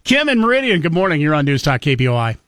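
A talk radio host, a man with a somewhat raised pitch, speaking in an opinionated, conversational manner. His voice is close and dry, with no room sound at all. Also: very animated, rapid-fire, a bit bright, no room sound. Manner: conversational, opinionated, chuckles easily. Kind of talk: talk radio chat taking calls.

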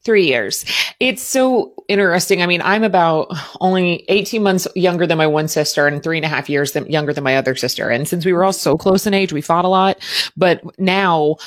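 A woman from Southern Indiana hosting a casual interview with an old college friend, chatty and quick to laugh. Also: fairly low pitch, no room sound.

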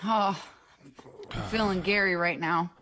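A woman's voice: mid-range voice, steady tone, unhurried, fairly bright tone, slight background noise. A woman co-hosting a radio morning show, playful and laughing through studio banter. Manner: laughing, playful, self-teasing.

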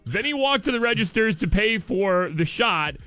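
A man's voice: sits high, lively intonation, normal speed, sharp tone, no echo, faint music behind. A man hosting a radio show from a studio, reading odd news stories in a jokey way and repeating the punchlines.

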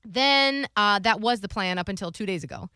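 A woman's voice: medium pitch, lively intonation, normal speed, bright, forceful tone, smooth, dry recording, studio quality. A middle-aged woman chatting casually, telling a family story and acting out quoted voices. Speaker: co-host. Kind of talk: casual chat.

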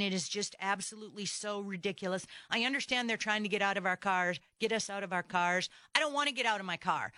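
A woman hosting a talk radio show, ranting in an animated, exasperated and sarcastic way. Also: medium pitch, no echo. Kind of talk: opinionated talk radio chat. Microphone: studio microphone.

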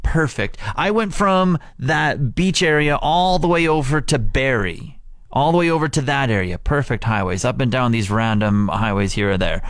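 A man's voice: mid-range voice, moderate pace, a bit bright, dry recording. A man co-hosting a morning radio show, chatting casually in an enthusiastic, emphatic and rambling way from the studio.

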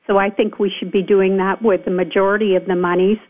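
Call-in guest: woman supervisor, emphatic and indignant, tinny phone-line sound, mid-range pitch. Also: flat delivery, quick pace. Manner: emphatic, indignant, many fillers. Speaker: county supervisor calling in. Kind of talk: radio call-in interview. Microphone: telephone.

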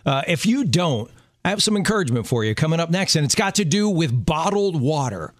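A man's voice: on the high side, sing-song, a little fast. A man co-hosting a chat show, upbeat and encouraging as he talks. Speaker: co-host. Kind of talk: casual chat.

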